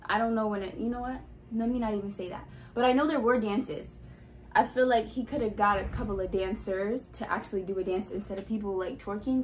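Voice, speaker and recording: A woman's voice: fairly high pitch, slight background noise, poor audio. A woman casually reacting to a song, chatty and rambling, thinking aloud with lots of asides. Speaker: music reaction vlogger.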